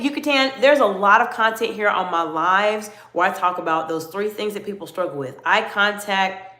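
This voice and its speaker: A middle-aged woman coaching viewers in a live-stream Q&A, answering them by name and lowering her voice to demonstrate. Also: pushed and bright. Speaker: communication coach. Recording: roomy echo.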